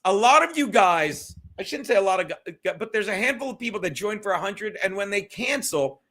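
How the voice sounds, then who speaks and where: A man's voice: high voice, lively intonation, brisk, sharp tone. A man hosting a casual solo livestream from his home, rambling loosely with plenty of swearing and talking straight to his viewers. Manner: loose, profane, rambling, talks to chat. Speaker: livestream host. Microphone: streaming setup.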